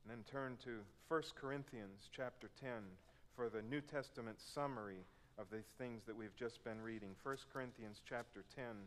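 Male preacher, mid-pitched, earnest sermon, long hall echo. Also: moderate pace, a bit bright. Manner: earnest, emphatic, acts out complaints in raised voice. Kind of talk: sermon with scripture reading.

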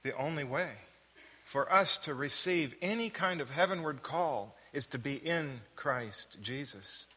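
A man's voice: a little high, animated, measured pace, bright, forceful tone, husky, big-room sound. A man leading a Bible study, reading verses aloud, asking the listeners questions and repeating phrases for emphasis. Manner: reads scripture aloud then asks the listeners questions.

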